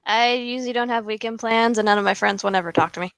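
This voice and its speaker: A woman's voice: on the high side, fairly even intonation, fast talker, fairly bright tone, clear, resonant tone, no echo. Apologetic woman on a dry call mic. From United States East Coast. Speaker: guest caller. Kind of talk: casual chat.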